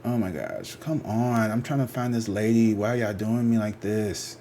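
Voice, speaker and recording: Casual male tarot reader, low voice, loose and slangy, swears freely. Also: expressive, normal speed, dark tone, a little hiss or hum. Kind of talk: casual rambling chat to viewers.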